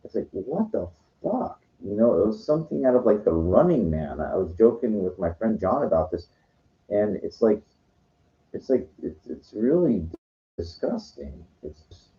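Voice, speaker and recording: A man's voice: on the low side, big pitch swings, moderate pace. Rambling, profane man on lo-fi audio. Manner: meandering, profane, heavy with fillers. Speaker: vlogger. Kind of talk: rambling monologue. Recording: dull lo-fi sound.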